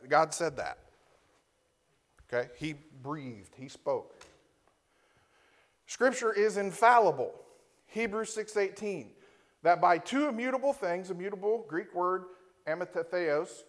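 Male pastor, slightly high voice, teaching sermon, rhetorical asides to the congregation. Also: animated, measured pace. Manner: teaching, often ends points with a rhetorical "right?"; reads Scripture aloud and defines Hebrew and Greek words. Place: church before a congregation.

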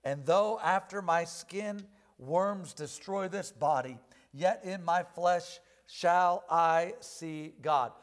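A man with a notably high speaking voice delivers a sermon. He reads scripture aloud slow and weighty, pressing harder on each line, then drops back into plain explanation. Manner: reads verses slowly with rising emphasis. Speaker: preacher.

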